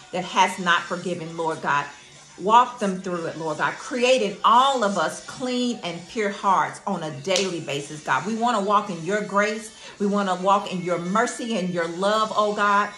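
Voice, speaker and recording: A woman's voice: mid-range voice, a little slow, pushed and bright. A woman preaching a devotional sermon and prayer, emphatic, repeating phrases and calling on listeners to say words back. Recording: echoey room with faint music.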